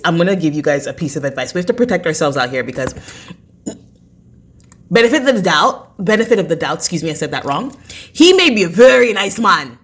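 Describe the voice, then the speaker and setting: Woman, vlogger, storytime, emphatic, talks straight to camera, pitch leaps up and down a lot. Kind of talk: storytime vlog.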